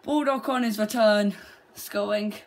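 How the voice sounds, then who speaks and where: A woman chatting through her own football video game match, talking tactics under her breath and bursting into shouts at near misses and goals. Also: mid-range voice, measured pace. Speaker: gaming video creator.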